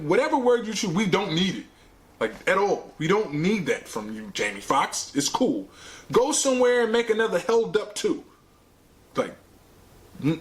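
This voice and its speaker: A man hosting his own show, ranting casually about bad movies in slangy, emphatic talk that repeats words for effect. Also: sits high. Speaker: movie reviewer, show host.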